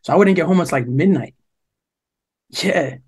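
Husky young guy from jersey, swears a lot, rambles thru a story on a podcast. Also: fairly high pitch, moderate pace. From New Jersey. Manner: profane, animated storyteller quoting others. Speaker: podcast co-host. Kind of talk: casual storytelling chat.

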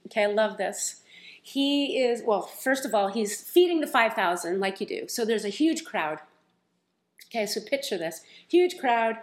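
A woman preaching a sermon, retelling scripture stories in a lively, conversational way. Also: on the high side.

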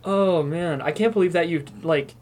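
A man's voice: fairly high pitch, normal speed, darkish tone. A young man co-hosting a casual podcast chat, rambling with lots of fillers and easy laughter. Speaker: podcast co-host.

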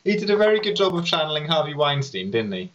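A man's voice: a little high, very animated, quick pace, highs cut off, background noise. A man in a casual podcast chat who rambles and keeps hedging with "sort of".

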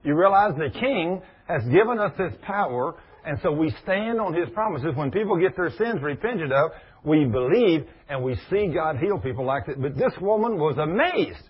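A man preaches with a husky, slightly high voice that rises and falls with lots of life. He addresses people in the room as he talks, and the recording sounds dull and lo-fi. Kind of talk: sermon.

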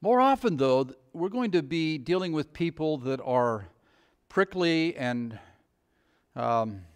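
A man's voice: on the high side, expressive, takes it slowly, clean tone. A middle-aged male pastor preaching a sermon, asking the congregation rhetorical questions in a conversational way.

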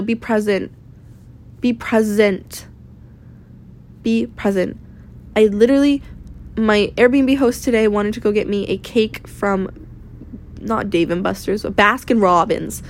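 Young woman with a gravelly vocal fry. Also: mid-range voice, moderate pace. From Maine, USA. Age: 20s. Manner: blunt, profane, rambling and confessional. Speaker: vlogger. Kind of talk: candid personal vlog rant. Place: rented room at home.

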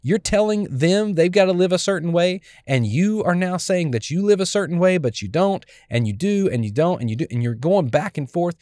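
A man pastor preaching a sermon in an animated way, acting out the scenes of the scripture he is teaching. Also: sits high, moderate pace, few pauses, no room sound, studio quality.

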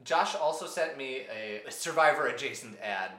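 A man co-hosting a casual podcast in a bright, clear voice. He reads listener emails aloud and tosses in quick, sheepish quips. The recording has noticeable room echo. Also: mid-range voice, animated. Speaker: podcast co-host.

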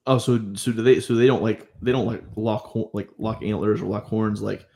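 A man co-hosting a podcast, chiming in with relaxed questions and remarks in casual chat. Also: lowish voice, moderate pace, gravelly. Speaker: podcast co-host.

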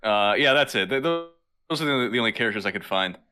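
A man's voice: lowish voice, lively intonation, fast, bright, forceful tone, faint music behind. A man co-hosting a casual comedy podcast, quizzing his partner and laughing easily. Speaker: podcast co-host.

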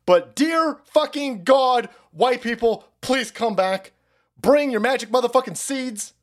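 A shrill, strained voice of a panicked man, as a streamer puts him on, pitched far above his usual talk. He begs and shouts in frantic bursts, with the pitch swinging wildly. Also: expressive, measured pace. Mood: frantic, begging.

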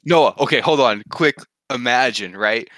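A young man chatting on a podcast with a bright, lively voice that swings up and down. He teases his friends, cuts in often and keeps the banter going. His voice sounds dry and close, with little room sound. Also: mid-range voice, no echo. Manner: teasing, joking, quick to interrupt. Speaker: podcast co-host. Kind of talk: casual chat among friends.

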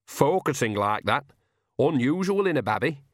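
A man's voice: medium pitch, big pitch swings, moderate pace, dry recording, clean studio sound, voice pushed up. A man voicing a chatty, earthy old grandmother witch with a homely, blunt way of talking, in a storybook reading. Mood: gossipy. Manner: homely, folksy, cheerfully blunt.

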